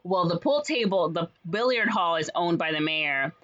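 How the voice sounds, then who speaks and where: A woman casually retelling a story's plot in a rambling way, full of fillers and quick quoted voices. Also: fairly low pitch, expressive, a bit bright. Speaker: podcast co-host retelling a musical's plot. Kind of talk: casual chat. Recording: slightly dull lo-fi audio.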